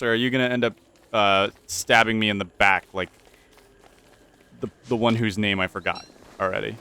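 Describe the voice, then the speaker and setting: Young male let's-play host, lowish voice with a bright, tense edge, goofy rambling asides. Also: fairly even intonation, normal speed, pauses often, slight background noise. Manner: goofy, rambling, talks to his viewers. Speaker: gaming channel host.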